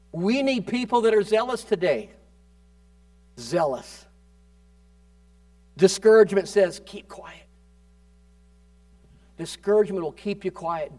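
A man preaching with fervor, his voice sitting high for a man. He swings from ringing declarations down to quiet, intimate asides as he exhorts the congregation. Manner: fervent preaching, swings between loud declarations and hushed asides. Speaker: pastor. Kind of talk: sermon.

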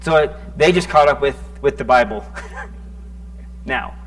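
A man preaching a sermon in a conversational, animated way, often restarting his words and joking at his own expense. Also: medium pitch, unhurried. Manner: conversational, self-deprecating, animated with stuttering restarts. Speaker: pastor.

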